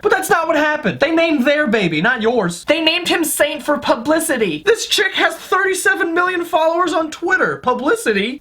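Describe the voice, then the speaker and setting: A man's voice: very high voice, sing-song, moderate pace, hardly any pauses, bright, forceful tone. A man delivering a comedic rant monologue, swearing and sounding exasperated as he argues his points. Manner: profane, exasperated ranting.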